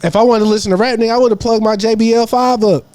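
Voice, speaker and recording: A man's voice: high voice, steady tone, fast, a little mellow, dry recording. A man co-hosting a podcast in casual chat, telling stories in a rambling, slangy way full of restarts. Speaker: podcast co-host. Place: podcast studio.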